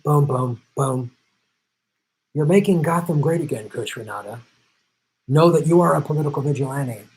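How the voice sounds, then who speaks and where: A man's voice: mid-range voice, darkish tone, husky, rough recording. A middle-aged man hosting a political commentary show, reading viewer questions and going off on emphatic, rambling rants, laughing easily.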